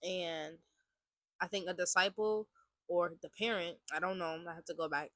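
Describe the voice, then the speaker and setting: Her voice lowish and fairly bright, a vlogger in her twenties talks at a normal speed about her personal testimony to camera. She sounds congested and keeps it casual and rambling, repeating phrases and saying "like" many times. There's no echo.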